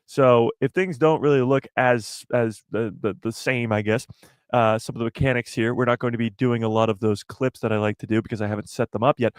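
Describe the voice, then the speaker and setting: A man's voice: mid-range voice, fairly even intonation, fairly quick, clean tone, dry recording, studio quality. A young man hosting a casual live stream, talking to his chat in a playful, teasing way and piling up rhetorical questions.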